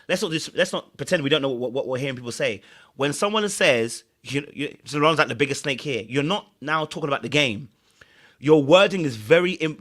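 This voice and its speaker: A man hosting a podcast, giving emphatic commentary on a reality show and acting out the people he quotes. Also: a little high. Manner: animated, emphatic, acts out quotes. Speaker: podcast host.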